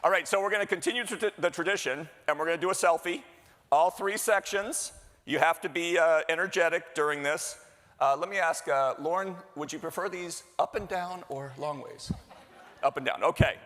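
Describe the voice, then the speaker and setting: Executive MC, middle-aged man, fairly high voice, chatty and crowd-working, reverberant hall. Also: normal speed, fairly bright tone. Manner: jokey, chatty, works the crowd with questions. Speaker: executive director giving opening remarks. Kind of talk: live conference welcome speech. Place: large hall with live audience.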